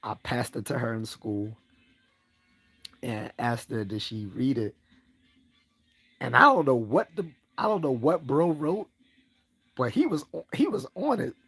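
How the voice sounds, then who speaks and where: A livestream host with an expressive, fairly bright voice and a breathy edge takes his time, pausing often as he rambles through a personal anecdote. Laughter comes easily, and he acts out what others said in a raised voice.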